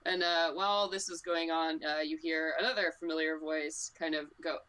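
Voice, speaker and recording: A woman with a low voice runs a tabletop game, narrating scenes for the players. She talks in a relaxed way, with plenty of ums and uhs as she thinks ahead. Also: moderate pace, smooth. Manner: relaxed, full of fillers. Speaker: game master.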